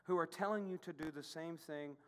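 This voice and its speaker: A male pastor preaching a sermon in a lively, conversational way, with frequent asides to the congregation. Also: on the high side, brisk, big-room sound. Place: church sanctuary.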